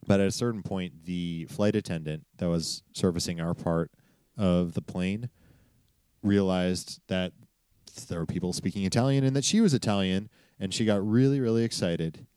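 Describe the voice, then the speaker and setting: Low, dark-voiced man telling a travel story. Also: normal speed, clear, resonant tone, no room sound. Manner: rambling storyteller, self-described curmudgeonly. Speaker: podcast co-host. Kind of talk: casual travel chat.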